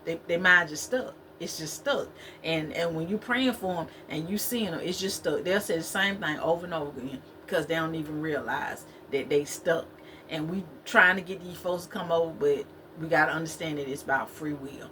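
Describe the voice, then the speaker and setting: A woman's voice: low-pitched, normal speed, pushed and bright, slight background noise. A woman giving a spiritual talk to her viewers, preachy and repetitive, in a conversational way. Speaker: spiritual vlogger.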